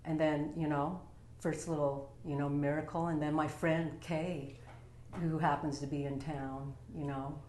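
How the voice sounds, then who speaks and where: Speaking from home, a woman from Utah tells her own story in a loose, sincere, filler-heavy way. Her voice sits low with a darkish tone and little pitch movement, her pace is measured, and the recording carries slight background noise and roomy echo.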